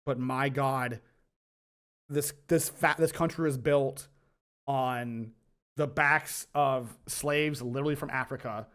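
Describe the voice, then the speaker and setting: A man streaming his reaction to a video, ranting heatedly and swearing, with bursts of laughter. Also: medium pitch. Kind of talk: casual reaction commentary.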